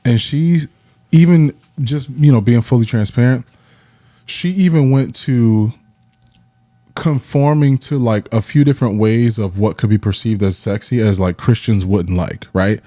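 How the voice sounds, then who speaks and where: Male podcast host, thirties, mellow low voice, lively storyteller, dry close mic. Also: measured pace, no room sound. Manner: animated, acts out friends' voices in quotes; addresses listeners directly, repeats phrases. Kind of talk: casual storytelling chat.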